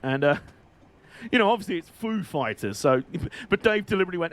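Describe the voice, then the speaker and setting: Male streamer, slightly high pitch, rambling and chatty, laughs a lot. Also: very animated, brisk, a bit bright. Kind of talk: casual live-stream commentary.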